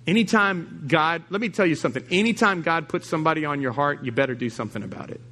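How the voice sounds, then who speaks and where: A man's voice: fairly high pitch, quick pace, bright, forceful tone. A man preaching a sermon as pastor, emphatic, repeating key lines and acting out the people he quotes. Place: church service.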